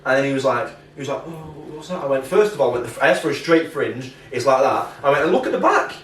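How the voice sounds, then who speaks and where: A man's voice: mid-range voice, quick pace, slight background noise. A young man, co-hosting a podcast and telling anecdotes in a casual, swearing way. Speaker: podcast co-host. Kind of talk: casual chat. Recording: roomy, mic at a distance.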